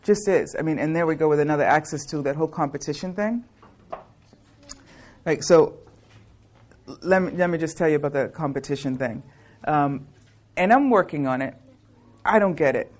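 Middle-aged woman, low-ish voice, chatty and rambling, laughs through a casual talk to an audience. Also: moderate pace, pauses often, darkish tone. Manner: chatty, joking, laughs often; rambling, with many restarts and fillers. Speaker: class facilitator.

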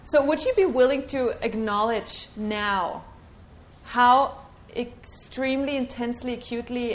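A woman leading a live workshop, coaching with questions and sinking into a quiet low murmur for a repeated clearing chant. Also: unhurried. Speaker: workshop facilitator.

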